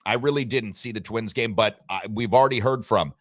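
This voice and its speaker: Joking low-voiced male radio host. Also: fairly quick, fairly bright tone, no echo, studio quality. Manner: joking, rambling, reads listener messages aloud. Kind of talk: casual sports talk radio chat.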